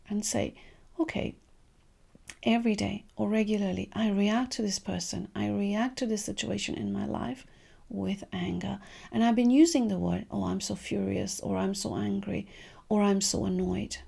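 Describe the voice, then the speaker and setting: Gentle spiritual teacher, woman, warm husky voice, trails into whispers. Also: mid-range voice. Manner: soft, slow, trailing into whispers. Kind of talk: gentle spiritual guidance talk.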